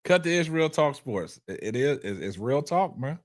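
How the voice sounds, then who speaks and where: A man hosting a laid-back sports call-in livestream, talking in at a middle pitch. He circles back over his own phrases and sounds choked up and a little hoarse. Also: normal speed. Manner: animated, repetitive, reads chat aloud. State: choked up, coughing. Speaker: livestream sports show host. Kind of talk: casual call-in livestream talk.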